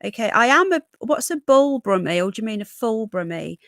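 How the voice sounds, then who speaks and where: Livestream host, woman, soft Brummie lilt with a Yorkshire edge, rambling chat, slightly high voice. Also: big pitch swings, brisk, no echo, clean studio sound. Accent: toned-down Birmingham with a bit of Yorkshire. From Birmingham, England. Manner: chatty, rambling, reads out viewer comments. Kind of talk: casual live-stream chat reading comments.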